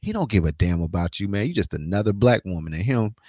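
A man's voice: on the low side, very animated, quick pace, a little mellow, slightly rough, no echo, studio quality. A man co-hosting a sports podcast, talking loosely and joking, laughing often. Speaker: podcast co-host. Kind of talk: casual sports chat.

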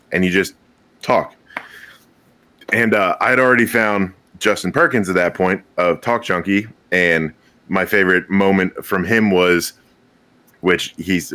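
A man's voice: low-pitched, bright, forceful tone, no echo. A young man guest on a podcast, telling a rambling story with casual swearing and frequent laughs.

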